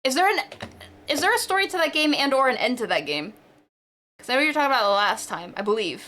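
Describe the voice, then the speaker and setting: A woman livestreamer talks casually to her viewers in a high, bright voice. Her pitch leaps up and down as she squeals greetings and jokes around. She sounds bubbly and playful at a close desk microphone. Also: expressive, fast, slight background noise. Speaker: streamer. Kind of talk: casual live-stream chat.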